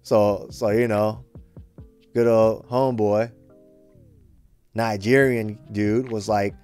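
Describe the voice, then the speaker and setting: A man's voice: on the low side, little pitch movement, slow pace, a little mellow, clear, resonant tone, faint music behind. A young man casually telling a rambling retail story, slangy and full of swearing and fillers.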